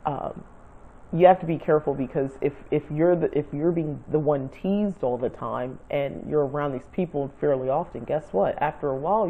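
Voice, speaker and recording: A woman giving casual spiritual advice to camera, rambling and searching for words as she talks. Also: low voice. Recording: tinny phone-like sound.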